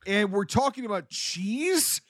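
A man's voice: sits high, lively intonation, unhurried, no echo, studio quality. A man from Wisconsin, co-hosting a casual film podcast, ranting in mock anger and swearing heavily. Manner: loud, heavy swearing, mock-angry ranting. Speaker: podcast co-host.

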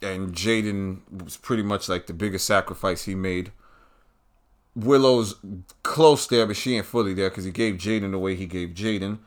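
A man with a somewhat low voice hosts his own show in a one-man rant. He talks bluntly and profanely, with a scornful, combative edge. He hammers single words for emphasis. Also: normal speed. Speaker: podcast host. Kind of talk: solo rant monologue.

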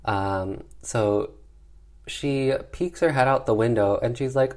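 A man at an average pitch talks through a movie plot in a loose, chatty way. He's sassy and playful, leaning on filler words as he goes. Now and then he drops into quick impressions of the characters. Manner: acts out characters' lines in quick voices. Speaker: film reviewer. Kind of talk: casual movie recap.

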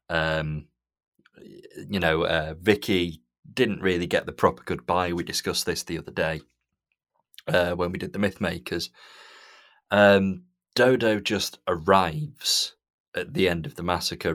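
Deep voiced guy hosting a podcast, lots of ums, dead dry room. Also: dry recording. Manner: relaxed, frequent ums, hands over to co-hosts. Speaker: podcast host. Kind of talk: casual podcast chat.

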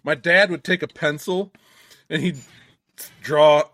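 A man's voice: fairly high pitch, fairly even intonation, slow pace, fairly bright tone. A man on a podcast, bluntly telling a profane story about his parents' punishments. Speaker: podcast co-host. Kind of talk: casual chat.

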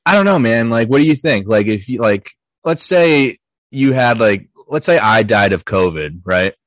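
A man's voice: fairly low pitch, expressive, a little slow, no room sound. A man co-hosting a podcast, telling a story in a casual chat full of filler words. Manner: storytelling with many filler likes. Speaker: podcast co-host.

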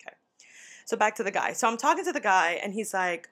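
A young woman at a medium pitch spins a casual story for her podcast. She talks loosely and animatedly, full of 'like' and the odd swear word. She jumps her voice up whenever she acts out what someone said. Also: animated, quick pace, a bit bright. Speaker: podcast host.

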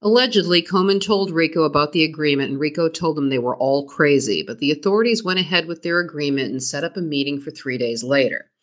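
A woman's voice: low-pitched, lively intonation, quick pace, hardly any pauses. A woman co-hosting a podcast, reading a scripted true-crime story in a storytelling manner. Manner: reads from a script, dramatic storytelling. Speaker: podcast co-host.

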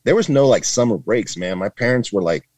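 With a lowish, expressive, slightly mellow voice, a Northern Californian man in his fifties speaks a little fast and without echo. A retired border agent, he chats with a podcast host, telling stories loaded with "like" and "man" while imitating the voices of those he quotes.

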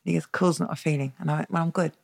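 A middle-aged woman tells her story in an interview, speaking bluntly, swearing freely and laughing often. Her voice has a gravelly, creaky edge, and she slips into the voices of the people she quotes. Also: deep voice, steady tone, rapid-fire. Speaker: therapist, interview guest. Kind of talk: candid storytelling in a conversational interview.

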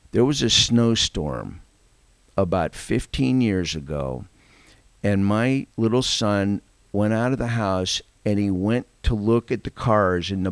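A man's voice: on the low side, dry recording. A man, a podcast guest, earnestly telling a long personal story. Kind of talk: storytelling anecdote.

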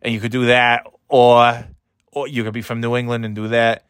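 A man's voice: medium pitch, level tone, normal speed, a bit bright, clear, resonant tone, no echo, studio quality. A tired, yawning man rambling sarcastically in a casual monologue, swearing freely and mocking himself. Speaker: vlogger.

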